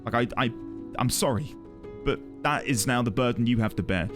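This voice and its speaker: A man's voice: medium pitch, moderate pace, over music. A young man streaming a video game, greeting his chat by name and chatting in loose tangents. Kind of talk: casual livestream chat.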